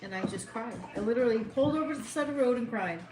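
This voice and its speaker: A woman's voice: a little high, very fast, distant mic. A woman chatting casually and telling stories at a meal, with frequent laughter. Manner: chatty storytelling, laughs often. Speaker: cooking vlogger. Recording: echoey room with noisy background.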